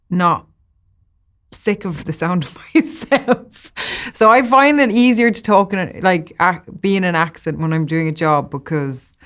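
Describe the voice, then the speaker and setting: An Irish actress in her thirties talks freely in a relaxed interview, laughing between thoughts. Her voice sits a little low, and she talks animatedly. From Ireland. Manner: chatty, laughs often, animated. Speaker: actor guest. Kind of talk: casual interview chat.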